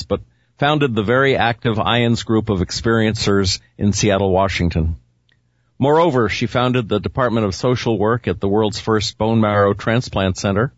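A man hosting a radio interview show, speaking in a measured, friendly way. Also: lowish voice, dry recording, lo-fi sound.

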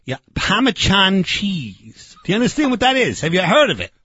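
A blustering know-it-all barbecue guy, put on by a man for a comedy sketch, bossing everyone around and talking over them. The voice sits high and swings all over, with a bright, forceful edge. The recording is dry and a bit dull. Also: wildly swooping pitch, very fast, breathy edge, dry recording, exaggerated voice. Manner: bossy, blustering, keeps interrupting, mangles words. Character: brash loudmouth male grill-master "Barbecue Man".

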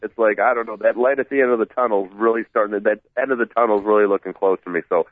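A man co-hosting a sports talk show by phone, stuffed up, rambling and excitable, often repeating himself. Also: on the low side, racing, dry recording. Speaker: sports radio co-host calling in. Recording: tinny phone line, dry.

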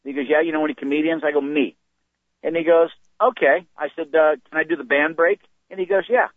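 Animated comedian on a tinny line. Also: male voice, fairly high pitch, quick pace, no room sound. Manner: animated storyteller, acts out quoted voices. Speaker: stand-up comedian guest. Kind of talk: storytelling in an interview. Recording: phone-like dry sound.

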